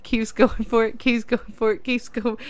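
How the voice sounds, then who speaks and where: A woman, a mother, chatting casually with short replies and quick anecdotes. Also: a little high, flat delivery. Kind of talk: casual chat.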